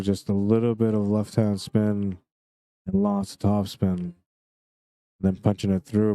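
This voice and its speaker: A man with a Canadian accent giving relaxed, chatty live commentary on a pool match and greeting viewers by name. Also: fairly low pitch, no echo.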